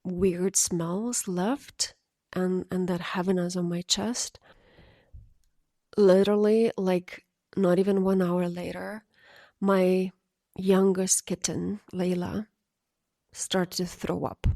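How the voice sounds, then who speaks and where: A woman podcast host telling a personal story in a halting, emotional way, with many pauses and fillers. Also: on the low side, flat delivery, dark tone, dry recording, clean studio sound.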